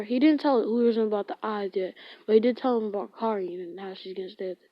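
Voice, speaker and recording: A woman with a slightly high voice rambles through a fan-fiction retelling, tripping over fillers and correcting herself as she goes. The sound is close and dry, with a dull lo-fi quality. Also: fairly quick, dry recording. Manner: rambling, heavy on filler words, frequent self-corrections. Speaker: storyteller.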